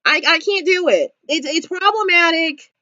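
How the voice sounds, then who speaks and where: A woman talking straight to camera in a casual commentary vlog, emphatic and animated, repeating her points. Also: very high-pitched, normal speed, no room sound, dull audio. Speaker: vlogger.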